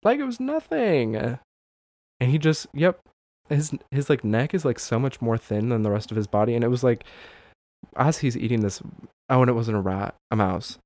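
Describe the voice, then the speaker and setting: A man's voice: mid-range voice, normal speed, a little mellow, no room sound. A man hosting a casual solo podcast, rambling, swearing and laughing often, with many fillers. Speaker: podcast host.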